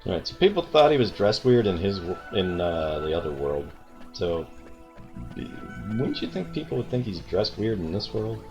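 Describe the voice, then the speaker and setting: A man's voice: sits low, very animated, moderate pace, music in the background. Wry man joking over a game. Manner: wry, sarcastic asides. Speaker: let's play host. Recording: dull lo-fi recording.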